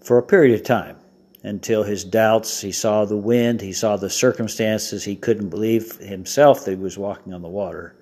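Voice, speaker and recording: A man's voice: on the low side, fairly even intonation, normal speed, warm tone. A man, a pastor, giving a short devotional sermon: a corny joke first, then a scripture reading and preaching with emphatic swells.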